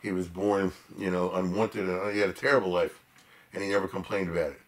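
Animated man giving a chatty lecture. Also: deep voice, brisk. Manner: animated and emphatic, with chatty asides to the audience. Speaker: lecturer on history. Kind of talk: informal storytelling lecture.

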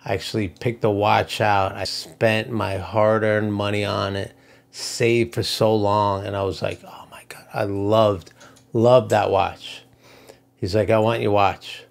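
A man's voice: on the low side, little pitch movement, takes it slowly, gravelly. A man from Brooklyn, retelling a story in casual chat, blunt and profane. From Brooklyn, New York. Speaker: podcast co-host.

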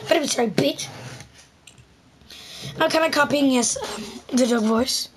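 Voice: sits high, a little slow, noisy background. A young gamer recording a gaming video at home, bossy and scolding. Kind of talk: gaming commentary skit. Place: indoors at home.

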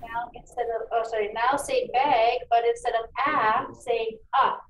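High-voiced woman teaching a slow phonics lesson. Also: fairly even intonation. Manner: encouraging, slow and clearly enunciated. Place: meeting room. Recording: echoey room, distant mic, faint noise.

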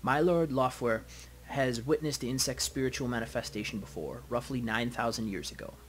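A man voicing a dragon's envoy in a video game with a German accent, slow and savoring each word. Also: medium pitch, a little hiss or hum, close to an everyday voice. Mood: solemn.

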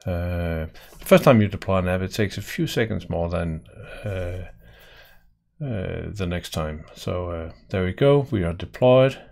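A man's voice: low voice, lively intonation, a little slow, gravelly, darkish tone. A man giving a casual screen-share coding tutorial, thinking aloud with lots of fillers and restarts. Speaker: software developer teaching coding.

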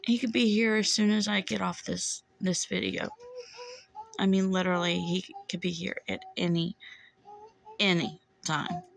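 A woman's voice: mid-range voice, steady tone, normal speed, gravelly, slight background noise, poor audio. A woman, holding back tears as she earnestly pleads with viewers to be saved, repeating herself. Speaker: self-described watchwoman. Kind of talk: urgent religious warning to camera.

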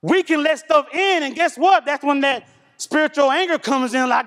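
Male preacher, high-pitched, lively sermon delivery, loud bursts then quiet asides. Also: normal speed. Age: young adult or middle-aged, father of a young son. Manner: animated, swings between loud and hushed. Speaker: pastor. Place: church.

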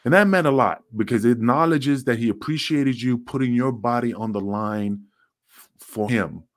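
A man's voice: medium pitch, moderate pace. A middle-aged man, a former wrestler, telling rambling, profane stories in a casual interview. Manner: rambling, profane, acts out quotes.

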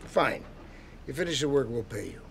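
A man's voice: mid-range voice, lively intonation, moderate pace, vocal fry, a little hiss or hum. A smug prying businessman. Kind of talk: film drama acting.

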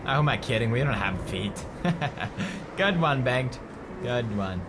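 A man in his twenties giving playful, excitable let's-play commentary and chatting to his game companion. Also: medium pitch, measured pace, noisy background. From Sweden. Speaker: gaming host. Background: game music.

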